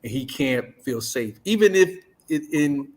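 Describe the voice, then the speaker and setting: A man's voice: mid-range voice, expressive, a little slow. Middle-aged guy, earnest, keeps saying things twice to hold the floor, plain mid voice. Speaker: panelist. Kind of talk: casual panel chat.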